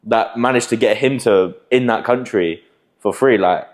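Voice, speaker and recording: A man's voice: medium pitch, moderate pace. A man, a guest on a casual podcast, talking in a laid-back, slangy way with some stumbling restarts. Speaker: guest, videographer. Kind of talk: casual chat.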